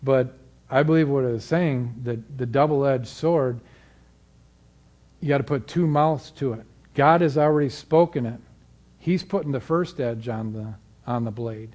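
A man giving a sermon as a guest preacher, moving from halting, calm teaching to loud, fervent exhortation. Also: mid-range voice. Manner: halting restarts and fillers.

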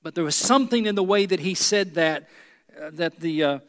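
High-voiced preacher in a reverberant hall. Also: male voice, a little fast, a bit bright. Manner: earnest, emphatic preaching with rhetorical asides to the congregation. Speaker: pastor. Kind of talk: sermon.

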